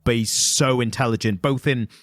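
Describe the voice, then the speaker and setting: A man co-hosting a podcast in casual chat, talking quickly and acting out quotes with a laugh here and there. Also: medium pitch, fairly even intonation, a bit bright, no room sound, studio quality. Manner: quick and chatty, acts out quotes from the comic with laughs. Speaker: podcast co-host.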